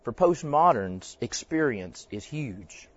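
A man's voice: medium pitch, sing-song, takes it slowly, slightly rough. A man teaching a class in a conversational way, telling stories and putting questions to his listeners. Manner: conversational, tells stories, quizzes the audience. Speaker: church teacher. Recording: dull, dry lo-fi recording.

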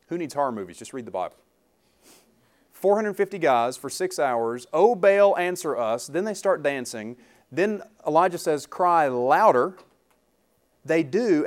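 A man's voice: fairly high pitch, darkish tone. A man preaching a sermon, reading scripture aloud and breaking off into jokes and questions for the congregation. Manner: reads scripture aloud, then riffs with humor and questions to the congregation. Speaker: pastor.

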